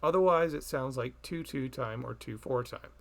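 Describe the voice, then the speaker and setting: A man teaching a recorded music theory lesson, explaining slowly and chanting beat patterns aloud. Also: mid-range voice, vocal fry.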